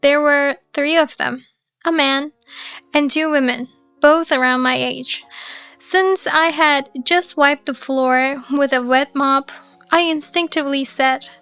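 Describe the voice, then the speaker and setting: A woman narrating a first-person life story in an even, measured way. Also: high-pitched.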